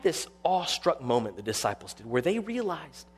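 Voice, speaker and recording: A male pastor preaching a sermon with animated delivery, acting out quoted voices. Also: on the high side, moderate pace, few pauses, breathy edge, long reverb tail.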